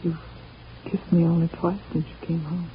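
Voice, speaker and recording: An actress playing a devoted sweetheart who speaks softly and adoringly, in 1930s radio drama acting. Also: female voice, fairly low pitch, little pitch movement, normal speed, a little hiss or hum, natural voice. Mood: tender. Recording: dull lo-fi old radio recording.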